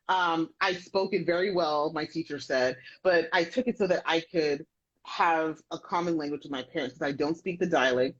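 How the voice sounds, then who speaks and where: A woman hosting a casual podcast chat, telling stories with lots of laughter. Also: low-pitched. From United States. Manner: animated storyteller, laughs often. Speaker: podcast host. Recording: dull lo-fi audio.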